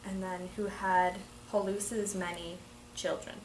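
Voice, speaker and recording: A woman's voice: mid-range voice, level tone, a little slow. A teenage girl student who explains a passage and reads aloud, hesitant with many ums. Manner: hesitant, full of ums and likes. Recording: echoey room with faint noise.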